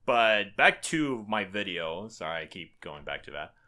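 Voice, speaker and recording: A man's voice: deep voice, big pitch swings, unhurried, sharp tone. A man co-hosting a casual podcast chat, laughing often and giving short agreeing replies. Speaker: podcast co-host.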